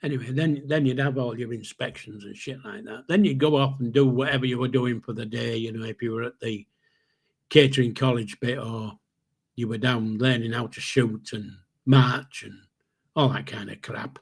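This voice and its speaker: Husky older man telling stories. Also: medium pitch. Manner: rambling, with restarts and chuckles. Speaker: podcast host. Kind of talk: casual storytelling.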